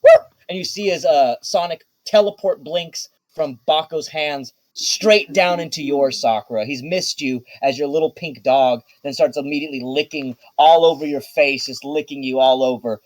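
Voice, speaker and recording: A man's voice: on the high side, normal speed, few pauses. A man narrating a tabletop game as dungeon master in a laid-back, casual way.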